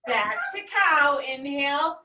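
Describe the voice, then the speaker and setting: A woman teaching a children's yoga class, giving gentle, instructive breathing cues with playful animal noises. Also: high-pitched, takes it slowly, background noise. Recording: echoey room, far from mic.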